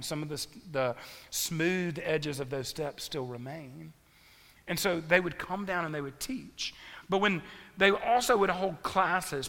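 Gravelly-voiced preacher in a big hall. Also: male voice, on the high side. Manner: animated storytelling preacher. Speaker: pastor. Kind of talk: sermon. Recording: long reverb of a large hall.

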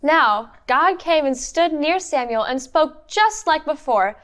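A woman narrating a Bible story for children in a clear, encouraging teacher tone. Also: high-pitched, lively intonation, slow pace, a bit bright. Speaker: children's Bible lesson leader. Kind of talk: interactive Bible storytelling for kids.

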